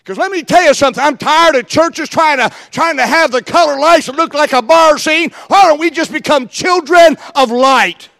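Male pastor, very high voice, dry close sound, shouting sermon delivery. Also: normal speed, creaky, few pauses, no echo, in a large hall. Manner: preachy, shouts for emphasis, acts out quoted dialogue. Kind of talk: fiery sermon.

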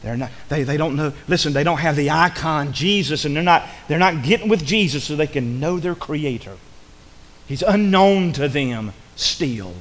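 Folksy preacher man in a reverberant church. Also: on the high side. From rural upbringing. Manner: preacherly, folksy, repeats phrases, swings from loud to hushed. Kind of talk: sermon. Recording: long hall reverb.

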